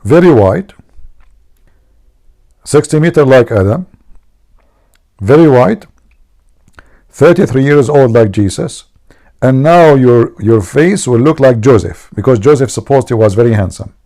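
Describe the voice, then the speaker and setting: A man's voice: mid-range voice, lively intonation, measured pace, pauses often, dark tone. A man from the Middle East, a native Arabic speaker, hosting a casual livestream in a joking, mocking storytelling manner. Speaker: livestream host.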